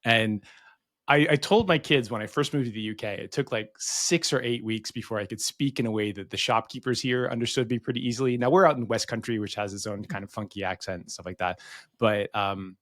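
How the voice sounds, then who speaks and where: A man's voice: on the low side, a little fast, a bit bright, dry recording, studio quality. A middle-aged American man co-hosting a podcast, rambling in casual chat and swearing freely. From United States. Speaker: podcast co-host.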